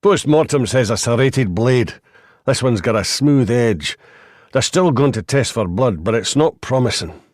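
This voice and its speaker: A man's voice: medium pitch, expressive, a little slow, darkish tone, dry recording, clean studio sound. A man narrating an audiobook voices a blunt, boorish detective constable who talks brusquely and combatively.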